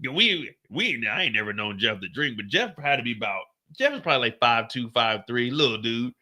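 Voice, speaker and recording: A middle-aged man hosting a stream, telling a story in a casual, animated way with lots of cursing, raising his voice when he acts out what people said. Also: medium pitch, a little fast, hardly any pauses. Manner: animated, profane, acts out quotes in a raised voice. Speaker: streamer host.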